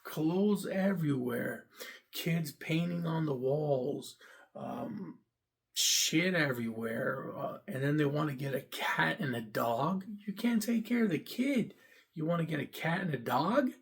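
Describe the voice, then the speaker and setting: Gravelly man ranting bluntly. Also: a little high, lively intonation, measured pace. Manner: blunt and profane, rambling with many fillers. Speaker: vlogger giving dating opinions. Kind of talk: casual ranting monologue.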